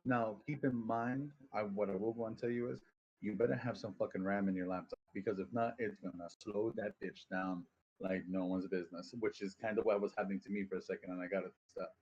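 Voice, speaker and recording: A man's voice: on the low side, fairly even intonation, fast, a little mellow, muffled recording. A man casually teaching voice acting on a stream, rambling, swearing freely and poking fun at himself. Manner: rambling, profane, self-deprecating.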